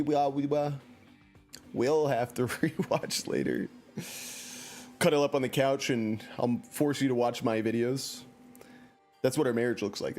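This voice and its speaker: A man's voice: mid-range voice, darkish tone. A man streaming a video game, chatting casually in a playful, joking and self-mocking way. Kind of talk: casual let's-play commentary.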